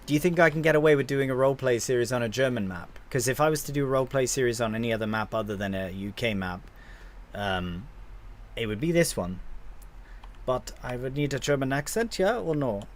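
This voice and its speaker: A young man chats with viewers while casually commentating his gameplay on a live stream, swearing now and then. His medium-pitched voice is animated and brisk, with slight background noise.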